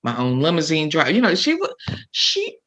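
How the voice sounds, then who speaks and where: An older woman, a guest comedian, telling a story with feeling and acting out other people's words in lively voices. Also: deep voice, quick pace. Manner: animated storyteller acting out quotes. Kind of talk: emotional storytelling.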